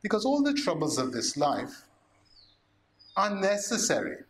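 A man, a priest preaching a sermon, slow and emphatic, asking rhetorical questions. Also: sits high, huge pitch swings.

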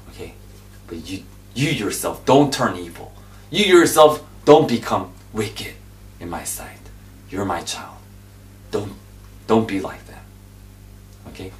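A man preaching an informal sermon, repeating his points and exhorting his listeners, swinging between loud emphatic bursts and hushed whispers. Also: sits low, animated, measured pace, long pauses. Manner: repetitive, exhorting, drops into asides. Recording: echoey room, voice from a distance.

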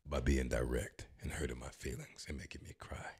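A man's voice: a bass voice, fairly even intonation, a little fast, darkish tone. A man filming a comedic reaction vlog, joking and swearing as he tries a language app. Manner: jokey, swears, bursts into mock announcer voice.

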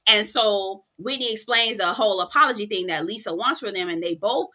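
A woman's voice: fairly high pitch, normal speed, few pauses, sharp tone. A young woman giving a casual, profane, slangy recap of a reality show episode. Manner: sassy, profane, slangy storytelling. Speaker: TV recap reviewer.

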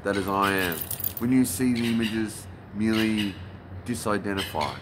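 A man's voice: on the low side, moderate pace, background noise. A man on a city street at night, musing in a preachy spiritual way to a vlogger. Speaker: passerby.

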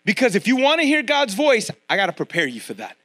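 Middle-aged guy pastor preaching casual to the church, really high voice, plays out little voices. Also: fast talker. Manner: conversational preaching, addresses congregation directly; animated, acts out quoted voices. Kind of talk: sermon.

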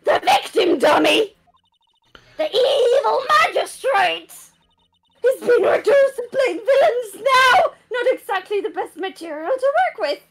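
Picture a bossy old security guard who scolds everyone in shrill, screeching shouts. Her voice sits very high and swoops wildly as she fires off rant after rant. Every line comes out as a loud, nagging scold. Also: animated, creaky, full character voice. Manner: rapid-fire scolding rants. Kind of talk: voice-acting a game script on a livestream.

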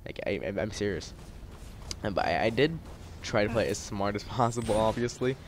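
A teenage boy talks over his gameplay in a loose, rambling way, with constant fillers and restarts. His voice sits a little low and he keeps slipping into heated rants. A faint hiss sits under the recording. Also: moderate pace. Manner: rambling, filler-heavy, frustrated ranting. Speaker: gaming YouTuber. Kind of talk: casual gameplay commentary.

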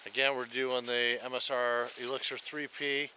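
A man narrating a casual camping vlog outdoors in a forest, relaxed and rambling as he talks to his dog. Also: medium pitch, normal speed, a little hiss or hum. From Michigan. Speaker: camping vlogger.

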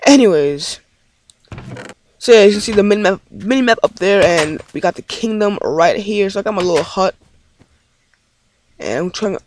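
A man's voice: high voice, animated, normal speed, long pauses, darkish tone, a little hiss or hum. A man giving rambling let's play commentary on his game, easily frustrated and swearing often. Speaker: gaming commentator.

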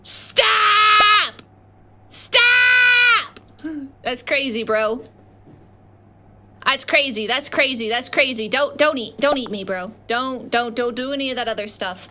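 A young adult woman streaming a game live, chatting casually with viewers in slangy talk and sudden loud outbursts. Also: a little high, normal speed. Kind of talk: casual livestream gaming chat. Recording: noticeable background noise.

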